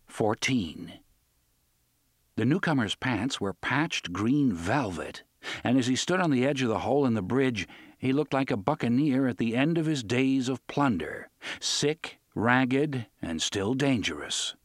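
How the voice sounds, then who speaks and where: A man narrates an audiobook from a script, telling the story in an expressive, measured manner. His voice is medium-pitched, and the studio-quality recording has no room sound.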